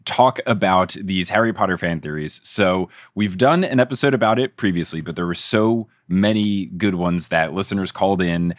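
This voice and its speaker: A man hosting a podcast in an upbeat, animated casual chat. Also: low voice, normal speed, hardly any pauses, no room sound, clean studio sound. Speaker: podcast host.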